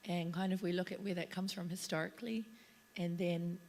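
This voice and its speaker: A woman speaking on a conference panel about relocation and onboarding, enthusiastic and chatty, her voice slightly squeaky. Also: steady tone, fairly quick, creaky, a little mellow. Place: conference stage.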